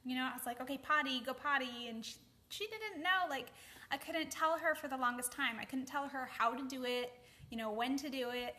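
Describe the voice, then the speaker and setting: A young mom gives casual advice to the camera in a high-pitched, bright voice that's a little fast and forceful. She's chatty, uses lots of ums, and keeps asking "okay?"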